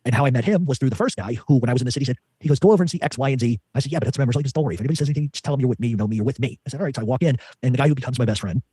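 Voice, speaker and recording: A man's voice: medium pitch, racing, hardly any pauses, dark tone, slightly rough, no room sound. A man telling a story in an interview, rambling with many restarts. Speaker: podcast guest.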